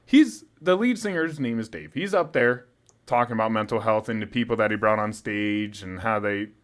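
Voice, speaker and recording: A man's voice: on the low side, moderate pace. A young man co-hosting a podcast, telling a story in casual chat, laughing often and swearing freely. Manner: animated, swearing, laughs often, loud when imitating a drunk fan. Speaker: podcast co-host.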